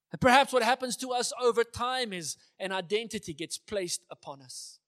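A man's voice: very high-pitched, normal speed, hardly any pauses, a bit bright. A man giving a conversational sermon who sometimes acts out the dialogue he retells. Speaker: preacher.

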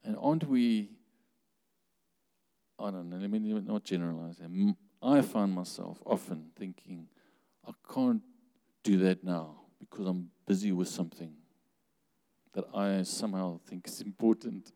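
A man preaching a sermon in a church hall, with a fairly low, mellow voice. He talks conversationally, asks the listeners questions and laughs now and then. A long reverb from the hall hangs on his words. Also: measured pace, long pauses.

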